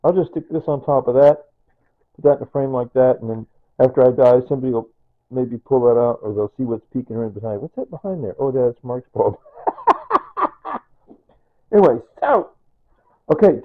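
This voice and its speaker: Older man rambling over a tinny line. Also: mid-range voice. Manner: rambling, sentimental, repeats himself. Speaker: vlogger. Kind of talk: casual personal vlog. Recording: tinny phone-like sound.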